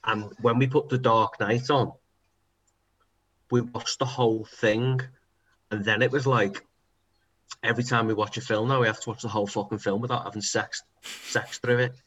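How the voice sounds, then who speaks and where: A man, co-hosting a podcast and telling stories in an animated, sweary way. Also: mid-range voice, moderate pace, pauses often, rough recording. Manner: animated storytelling, swears freely. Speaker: podcast co-host. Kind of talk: casual chat.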